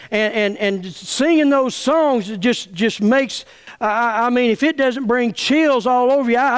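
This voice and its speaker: A middle-aged pastor, preaching an angry, folksy sermon full of stammered restarts. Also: male voice, extremely high pitch, clear, resonant tone. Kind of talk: fiery sermon.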